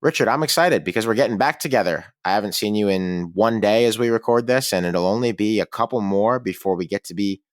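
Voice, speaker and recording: A man with a deep, low-pitched voice hosts a college football podcast in an easy, conversational way. He moves from game chat into upbeat sponsor reads. The sound is dry and close, with no room around it. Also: fairly quick, few pauses, dry recording. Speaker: podcast co-host. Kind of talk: casual sports podcast talk.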